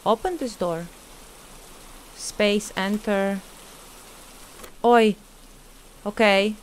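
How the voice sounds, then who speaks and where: Woman gamer, slow nervous commentary, faint rain behind. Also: mid-range voice, animated, slight background noise. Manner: talks to the ghost, scared, laughing nervously. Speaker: streamer playing a horror game. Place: at home at her computer.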